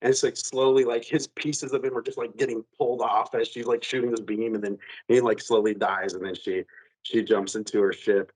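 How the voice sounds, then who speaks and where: A man on a podcast, retelling a video game ending in an animated, rambling way with lots of fillers and some cursing. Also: mid-range voice, brisk, low-quality recording. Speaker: podcast co-host. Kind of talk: casual chat.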